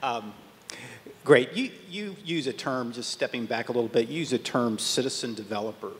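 A man moderates a panel, putting relaxed questions to his guest and pausing on fillers as he goes. His voice sits at a middle pitch. The recording carries a long hall reverb and a faint background hiss. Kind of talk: interview questions.

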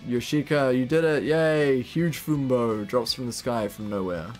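Young New Zealand man, rambling gamer-streamer energy, mid-pitched voice, faint game music underneath. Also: measured pace, darkish tone. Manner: rambling, laughing, swearing casually. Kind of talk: casual live-stream gaming chat.

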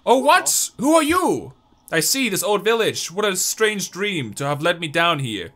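A man's voice: sits high, big pitch swings, a little slow, fairly bright tone, voice pushed up, full character voice. A man voicing a dazed, fussy old male bug merchant from a video game, reading his lines in a raised, fluttery voice. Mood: bewildered.

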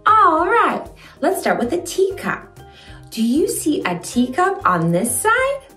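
A young woman hosting a toddler learning video, who speaks slowly and gives lots of encouraging praise. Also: extremely high pitch, wildly swooping pitch, recorded from a distance. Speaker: children's video host. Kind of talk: slow, sing-song teaching for toddlers. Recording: echoey room, soft music behind.

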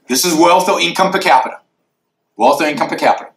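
A man's voice: on the high side, fast, echoey room, low-quality recording. A man answering audience questions after a university lecture, arguing emphatically and sketching graphs in the air.

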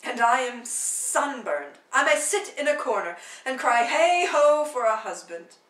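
Ruolo: lettrice che interpreta una nobildonna arguta e pungente, voce acuta, stanza riverberante e microfono lontano. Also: female voice, sits high, big pitch swings, a bit bright, echoey room, far from the mic, exaggerated voice, poor audio. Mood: teasing. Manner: quick, teasing banter. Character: witty, sharp-tongued noblewoman, mocking suitors. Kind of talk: dramatic play reading. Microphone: phone livestream.

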